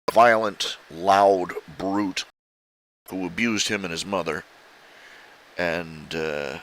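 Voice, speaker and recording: Rambling low-voiced man full of fillers. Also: a bit bright, rough recording. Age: middle-aged. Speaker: artist showing his commissions. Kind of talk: casual rambling commentary.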